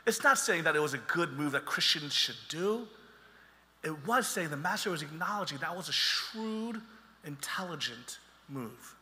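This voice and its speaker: A man's voice: a little high, animated, moderate pace, pushed and bright, big-room sound. A man preaching a sermon as pastor, talking in a conversational way and joking with the congregation.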